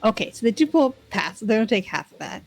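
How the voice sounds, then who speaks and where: A woman of middle pitch plays a tabletop game, plainly stating her moves and rolls. Faint music sits behind her. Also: very animated, quick pace, gravelly. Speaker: player.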